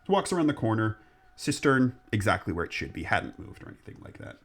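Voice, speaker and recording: A man's voice: fairly low pitch, sing-song, quick pace. A man hosting a podcast, telling a ghost story in a rambling, jokey way. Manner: rambling, jokey, restarts often. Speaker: podcast host. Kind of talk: casual storytelling chat.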